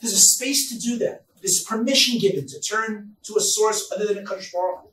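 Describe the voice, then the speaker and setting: Rabbi teaching bible, emphatic, picked up from far off in a roomy hall. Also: male voice, high voice, a little fast. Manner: emphatic, swings between loud stresses and quiet asides. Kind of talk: Torah lecture. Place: lecture hall at a conference. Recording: echoey hall, distant mic, faint noise.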